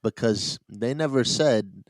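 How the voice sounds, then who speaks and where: A man's voice: medium pitch, slow, dry recording, low-quality recording. A man co-hosting a podcast, chatting casually and rambling, often laughing at his own points. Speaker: podcast co-host. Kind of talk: casual chat.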